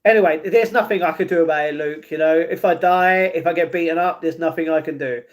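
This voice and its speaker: Higher-voiced British man chatting on stream. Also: fast. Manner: rambling, chatty, reacting to chat messages. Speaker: live streamer. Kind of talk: casual live-stream chat.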